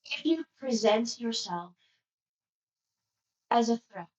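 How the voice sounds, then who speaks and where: A woman voicing a monotone attendant who briefs a squad of agents in a tabletop role-play game, speaking in an even, flat manner. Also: mid-range voice, natural voice. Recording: roomy, distant mic.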